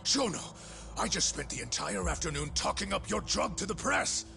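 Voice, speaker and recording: A man's voice: lowish voice, big pitch swings, measured pace. An actor playing a proud, hot-tempered male research center director in dubbed game dialogue. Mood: furious. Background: dramatic game music.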